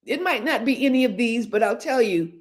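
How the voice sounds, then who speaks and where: An older woman hosting a casual motivational talk, animated and laughing often as she acts out the voices people use on themselves. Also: a little high, a little fast. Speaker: host.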